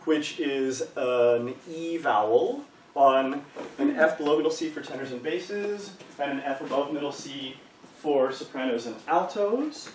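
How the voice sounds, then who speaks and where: A man's voice: on the high side, unhurried, far from the mic. A man leading a choral workshop, patiently and encouragingly explaining vocal exercises to a group of singers. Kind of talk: live choir workshop teaching. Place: rehearsal room with a group. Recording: echoey room, speaker off-mic, faint hiss.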